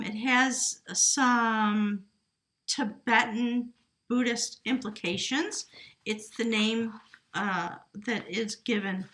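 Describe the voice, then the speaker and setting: A woman's voice: on the high side, slight background noise. A middle-aged woman giving a casual, emotional tarot reading to a camera at home. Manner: warm, effusive, emotional, chatty. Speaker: tarot reader. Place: home room with a small table. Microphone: camera at a short distance.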